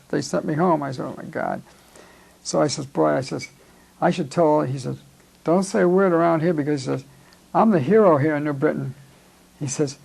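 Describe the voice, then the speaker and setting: A man's voice: on the high side, vocal fry, darkish tone, low-quality recording. A man in his nineties, a war veteran, telling a rambling oral history and acting out the dialogue he remembers. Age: 90s. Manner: rambling, acts out quoted dialogue.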